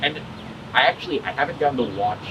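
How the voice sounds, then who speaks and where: A male interviewer asks long, rambling questions with a lively, swooping voice. He sounds set back from the microphone. A noisy air-conditioning hum runs under his speech. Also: medium pitch, fast, far from the mic. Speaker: interviewer, podcast host. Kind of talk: casual interview chat.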